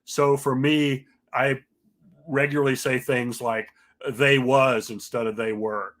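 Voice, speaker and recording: A man, a linguist guest, explaining in a measured, professorial way with frequent pauses and fillers. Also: medium pitch, level tone. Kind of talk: conversational explanation.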